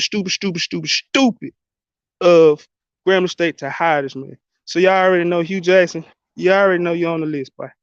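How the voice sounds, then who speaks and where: A man hosting his own sports channel, giving a blunt, animated casual rant straight to his viewers. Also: a little high, dry recording. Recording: dry, dull lo-fi sound.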